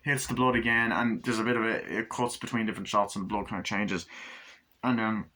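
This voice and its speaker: A man's voice: lowish voice, fairly quick, pushed and bright. A man giving a casual movie recap, rambling through it with lots of fillers. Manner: rambling retelling with many fillers. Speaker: movie reviewer.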